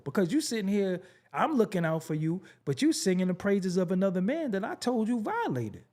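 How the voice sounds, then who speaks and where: Blunt, animated male show host. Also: a little fast, hardly any pauses. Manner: blunt, swings from low mutters to high incredulous outbursts. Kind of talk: casual commentary monologue.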